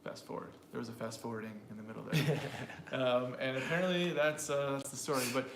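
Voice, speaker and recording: A man's voice: medium pitch, fairly even intonation, fast. Man teaching pronunciation, echoey room. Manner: thinks aloud with fillers and restarts, addresses learners directly. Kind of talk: casual teaching chat. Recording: echoey room with faint background noise.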